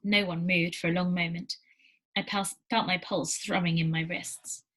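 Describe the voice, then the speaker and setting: A teacher reading a novel aloud to her class in a steady storytelling manner, with small slips. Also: fairly low pitch, moderate pace, poor audio.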